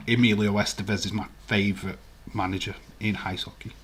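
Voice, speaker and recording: A man's voice: lowish voice, flat delivery, a little fast, a bit bright, slight background noise. A man hosting a live stream, chatting casually and rambling while he answers viewer comments and laughs often. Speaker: livestream host. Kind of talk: casual live watch-along chat.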